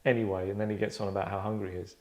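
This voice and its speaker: Speaking in a lowish, darkish voice, a middle-aged man who writes and hosts a podcast races along with a flat delivery. His casual discussion is rambling and self-interrupting, with sentences cut off so he can perform quoted lines.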